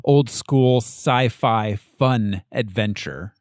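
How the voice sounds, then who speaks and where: A man's voice: medium pitch, extremely slow, dry recording, studio quality. A man co-hosting a film podcast, chatting casually with frequent laughs and hesitant fillers. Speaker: podcast co-host. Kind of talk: casual chat.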